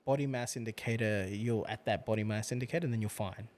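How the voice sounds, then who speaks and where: A man's voice: fairly low pitch, quick pace, darkish tone. A young man co-hosting a podcast, speaking frankly and offering opinions, often checking in with "right?". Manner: opinionated, frank, peppered with "you know" and "right?". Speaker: podcast co-host. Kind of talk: casual chat.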